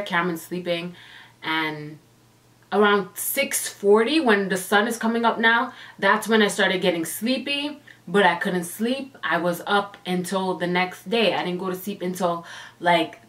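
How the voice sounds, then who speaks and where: A woman's voice: medium pitch, fairly bright tone. A woman telling her own ghost story as a casual storytime vlog, emotional and dramatic, with sighs and exclamations. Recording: voice a bit distant from the mic.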